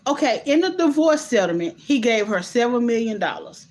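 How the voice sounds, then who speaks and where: Woman host, casual vlog commentary, slightly high pitch, animated and incredulous, addresses viewers directly. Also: moderate pace. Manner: animated, incredulous, many restarts and asides to viewers.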